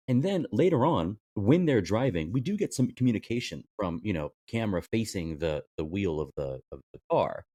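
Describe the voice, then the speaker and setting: A man's voice: deep voice, mellow, dry recording, studio quality. A man co-hosting a film podcast, talking casually with frequent hesitations and restarts. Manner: hesitant, many restarts, laughs easily. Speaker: podcast co-host.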